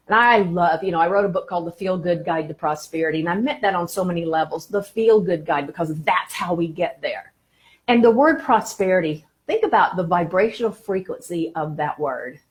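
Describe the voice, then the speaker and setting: A woman teaching about the law of attraction on a live stream, encouraging and warm in her phrasing, greeting viewers by name between points. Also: mid-range voice.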